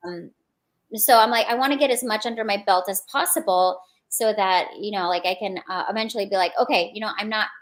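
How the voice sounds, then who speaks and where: A woman's voice: medium pitch, fairly quick. Chatty young woman guest. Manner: casual, filler-heavy, self-reflective. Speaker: guest, aspiring action actress. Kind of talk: radio interview.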